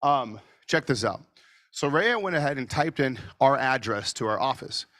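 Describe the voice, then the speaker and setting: A man presenting a marketing masterclass over a video call, animated and sometimes nearly shouting for emphasis. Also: mid-range voice, moderate pace, no room sound, clean studio sound. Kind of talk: energetic webinar teaching. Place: office studio.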